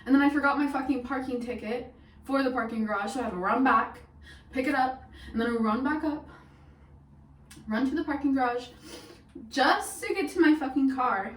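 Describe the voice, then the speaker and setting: A woman's voice: high voice, moderate pace, long pauses, far from the mic. Chatty young woman in an echoey room. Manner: chatty, swears often, laughs through the story. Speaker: vlogger. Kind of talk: casual storytime vlog. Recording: echoey room, mic set back, faint hiss.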